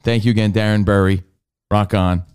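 A man with a low voice hosting a casual talk show. He chats easily, thanks listeners and teases his co-hosts in a playful way. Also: steady tone, brisk, a little mellow, clear, resonant tone, no room sound, clean studio sound. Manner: chatty, playful. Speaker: host. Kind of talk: casual chat.

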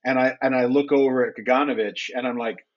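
A man playing a tabletop game, describing his moves in a wry, animated way. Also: mid-range voice, a little fast, dull audio. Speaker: player. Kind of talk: casual tabletop play.

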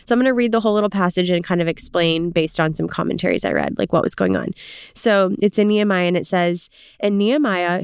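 A woman's voice: fairly low pitch, clear, resonant tone, no room sound, studio quality. A woman co-hosting a casual faith podcast, chatting with many fillers, reading scripture aloud and explaining it. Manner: chatty, many "like" fillers, animated when retelling. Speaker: podcast co-host.

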